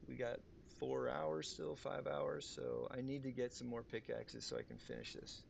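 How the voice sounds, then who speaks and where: A man's voice: medium pitch, wildly swooping pitch, normal speed, creaky, darkish tone, slight background noise. A man, casually chatting on a live game stream, rambling, talking to himself and his viewers. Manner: rambling, talks to himself and chat. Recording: dull lo-fi stream audio with music.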